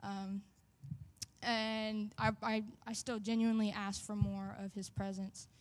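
A woman sharing a personal testimony in church, earnest and halting, with many fillers. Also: mid-range voice, little pitch movement, long reverb tail. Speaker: church member giving testimony.

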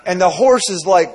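A man preaching a sermon, telling a dream with many asides and repeated phrases. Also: high voice.

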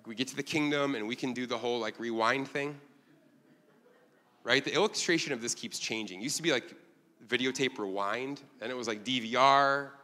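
A man preaching a sermon in a loose, conversational way, animated and chuckling as he explains the passage. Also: medium pitch, big-room sound. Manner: conversational, animated, laughs at own lines. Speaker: pastor.

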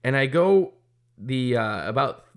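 A business owner opening a kart track tells a frustrated story in a casual, profane, heated monologue. His voice is mid-range and sing-song, and he doesn't rush.

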